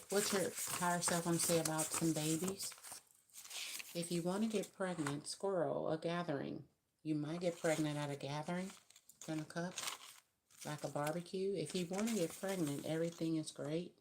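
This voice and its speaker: Woman, low voice, chatty live-stream tarot reader with emphatic spiritual asides. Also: fairly even intonation, moderate pace, noisy background.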